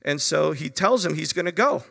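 A man's voice: on the high side, animated, normal speed, gravelly, a bit bright, in a large hall. A man preaching a Bible-teaching sermon, talking to his listeners conversationally with frequent asides.

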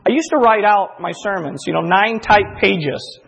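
A man's voice: sits high, normal speed, gravelly, fairly bright tone, slightly rough, big-room sound, lo-fi sound. A male pastor preaching a sermon in a church, earnest and confessional, often acting out inner voices. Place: church sanctuary.

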